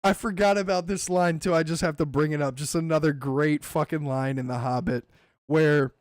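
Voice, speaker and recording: A man hosting a casual podcast chat, animated and swearing, acting out movie lines as he goes. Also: on the high side, normal speed, no room sound, clean studio sound. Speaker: podcast host.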